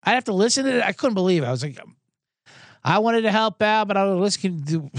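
Male podcast host, high lively voice, sarcastic profane rants, dry close sound. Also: fast talker, long pauses, no room sound. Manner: sarcastic, profane, storytelling with acted-out quotes. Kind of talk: comedic rant.

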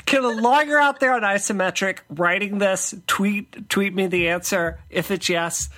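Playful female co-host, bright voice, mock-dramatic delivery. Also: mid-range voice, normal speed. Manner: playful, theatrical, bursts of loud laughter. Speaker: podcast co-host. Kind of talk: casual podcast chat.

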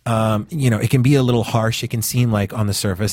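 A podcast host with a fairly low male voice and a Northeastern US upbringing chats in a loose, rambling way. His speech is full of "you know" and restarted phrases. The recording is close and dry, with no room sound. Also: fairly even intonation, quick pace, a little mellow, dry recording. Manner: rambling, conversational, with frequent fillers and restarts. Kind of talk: casual podcast commentary.

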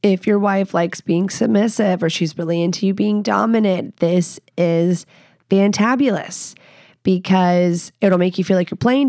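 A woman's voice: mid-range voice, dark tone, no room sound, studio quality. A woman hosting a podcast, giving frank, profane and playful sex advice in a casual way. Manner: blunt, profane, playful, laughs at her own jokes. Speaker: podcast host.

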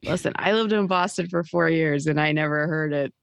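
A woman co-hosting a casual political chat show, wry and unhurried, often trailing off with fillers. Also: low-pitched, vocal fry, smooth, no room sound, clean studio sound. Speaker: podcast co-host.

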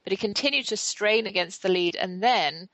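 A woman's voice: medium pitch, normal speed, fairly bright tone, dry recording, rough recording. A middle-aged woman, hosting a talk show and telling a chatty, self-deprecating story about her day. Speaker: podcast host. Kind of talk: casual storytelling monologue.

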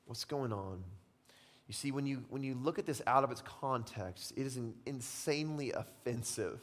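A man's voice: medium pitch, normal speed. Impassioned male preacher in a reverberant hall. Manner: impassioned preaching, swinging from hushed to loud. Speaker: pastor. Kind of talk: sermon. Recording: long reverb of a large hall.

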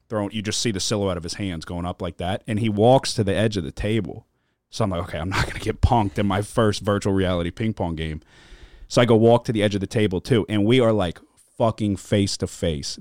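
Low-voiced man rambling, swearing casually. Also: a little mellow, no echo, clean studio sound. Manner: rambling storytelling, heavy swearing, lots of filler. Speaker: podcast host. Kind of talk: casual chat.

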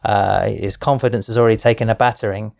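A man's voice: on the low side, fairly even intonation, fast, gravelly, darkish tone, dry recording, studio quality. A man hosting a racing discussion, talking with hesitations and fillers. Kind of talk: studio discussion.

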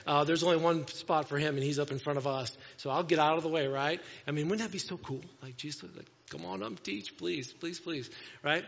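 A pastor gives a sermon to his congregation in a church sanctuary, speaking loosely and conversationally and blending scripture readings with self-deprecating asides. His voice is a bit high for a man and fairly bright, while the sound is slightly dull with a long church-hall reverb.

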